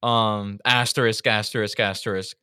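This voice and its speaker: A man co-hosting a casual review podcast, telling stories in an animated, profane way. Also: on the low side, moderate pace, smooth, dry recording, clean studio sound. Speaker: podcast co-host.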